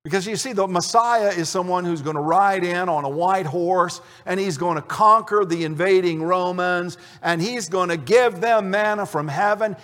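High-voiced man teaching in a reverberant hall. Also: normal speed, few pauses, fairly bright tone. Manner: storytelling, acts out the dialogue in the scene. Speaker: Bible teacher. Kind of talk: conversational Bible teaching. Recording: long reverb of a large hall.

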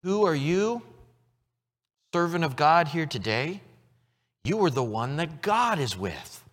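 Lively preaching man in an echoing hall. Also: fairly high pitch, slow pace, long pauses. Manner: expressive preaching, swinging from loud to hushed. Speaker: pastor. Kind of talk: sermon.

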